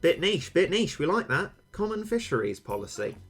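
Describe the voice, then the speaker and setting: A man's voice: on the high side, sing-song, moderate pace, husky, faint music behind. Man, game streamer, casual rambling chat, dry wry humour, desk mic, faint game sound behind. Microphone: failing desk microphone tilted toward him.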